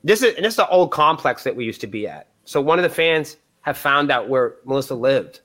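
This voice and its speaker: A man's voice: medium pitch, lively intonation, fairly quick, a bit bright. A man, a band's point of contact guesting on a podcast, telling rambling, profane stories in casual chat and acting out what people said. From New Hampshire, USA. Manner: profane, rambling, acts out quoted lines.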